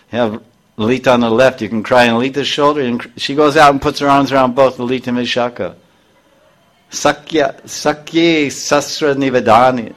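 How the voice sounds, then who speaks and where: Man teaching a scripture class. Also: medium pitch. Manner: explains verses, acts out characters' voices. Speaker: spiritual teacher.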